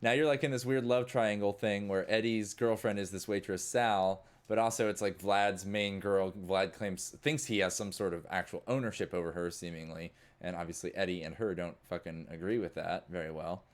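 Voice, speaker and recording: A man's voice: low voice, fairly even intonation, normal speed, hardly any pauses. A young man narrating as game master, rambling with lots of fillers. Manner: rambling, many fillers like "like" and "you know".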